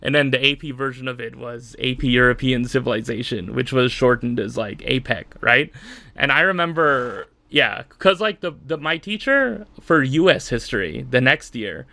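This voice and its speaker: Exasperated, bright-voiced young man ranting. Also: mid-range voice, animated, moderate pace, creaky, no echo. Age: mid-20s. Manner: exasperated, rambling with many fillers. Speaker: podcast host. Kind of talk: solo rant.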